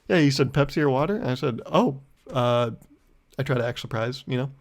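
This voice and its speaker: A man's voice: medium pitch, normal speed, long pauses. A young man hosting his own podcast, telling a story in a rambling, self-mocking way. He laughs often and slips into mock-indignant rants. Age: young adult. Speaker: podcast host. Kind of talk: casual solo podcast monologue.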